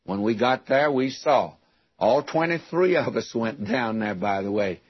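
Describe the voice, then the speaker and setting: A man's voice: medium pitch, lively intonation, a little slow, husky, no room sound, dull audio. An older man from West Texas preaching a radio sermon, teaching from the Bible in a folksy storytelling way with rhetorical questions.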